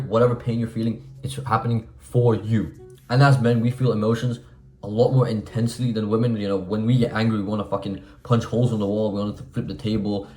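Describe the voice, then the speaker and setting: A man's voice: lowish voice, darkish tone, echoey room. A man of twenty giving blunt, profane, emphatic self-improvement advice in a casual monologue. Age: 20s.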